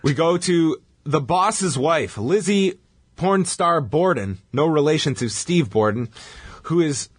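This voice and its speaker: Wry, animated man recapping. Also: on the high side, slow pace, breathy edge, dry recording. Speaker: podcast host recapping a wrestling show. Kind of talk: casual chat.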